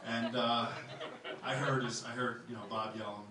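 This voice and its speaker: A man doing a stand-up comedy set in a club, animated, jumping into high excited voices for the characters in his bits. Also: normal speed. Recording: echoey club, mic from far off, crowd noise. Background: audience laughter.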